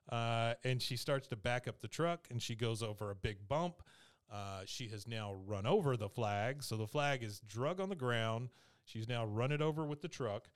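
A man's voice: mid-range voice, normal speed. A man, casually recapping a TV episode and acting out the characters' lines, laughing often. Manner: animated storytelling, acting out quotes, laughs often. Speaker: podcast co-host recapping an episode.

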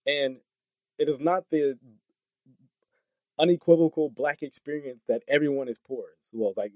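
A man's voice: mid-range voice, moderate pace, long pauses, no room sound. A man giving casual political commentary, reading tweets aloud and reacting with incredulous, stumbling remarks and short laughs. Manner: animated, incredulous, stumbles over words with laughs.

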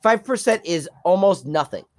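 A man from New York with a somewhat high voice, talking bluntly on a podcast. He swears freely and keeps a plain, casual tone. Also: animated, moderate pace. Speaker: podcast co-host. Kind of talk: casual chat.

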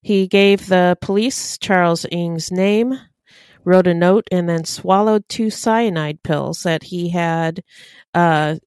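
A woman co-hosting a true crime podcast, reading out case facts in a steady, matter-of-fact way. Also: lowish voice, slow pace, clean tone, no room sound. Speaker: podcast co-host. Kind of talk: reading case details in casual chat.

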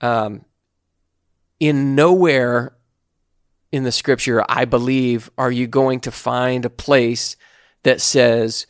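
A man co-hosting a casual podcast, giving earnest, reflective faith advice at a slow, searching pace. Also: medium pitch, steady tone, no echo, clean studio sound. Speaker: podcast co-host.

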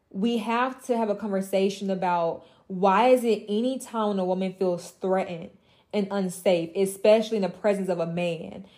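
A woman's voice: mid-range voice, mellow. A young woman mentoring other women in an impassioned motivational monologue, emphatic and blunt, with profane, mocking asides.

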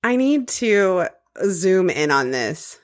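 A woman's voice: lowish voice, big pitch swings, slow. A woman co-hosting a podcast, chatting casually and teasing with frequent laughter. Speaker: podcast co-host. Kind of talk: casual chat.

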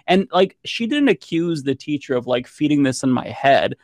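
A man's voice: on the high side, normal speed, few pauses, darkish tone, dry recording. Man telling a story in a dry room. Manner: chatty and storytelling. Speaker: panel commentator. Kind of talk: casual personal anecdote.

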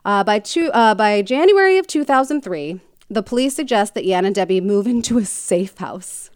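A woman's voice: mid-range voice, lively intonation, moderate pace, no room sound. Woman podcast host, chatty true-crime storyteller, filler-heavy and jokey, dry close sound. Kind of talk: casual storytelling chat.

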